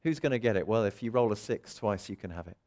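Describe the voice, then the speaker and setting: A man preaching a sermon, dramatic, acting out the voices he quotes and swinging between loud and soft. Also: fairly low pitch, fast talker.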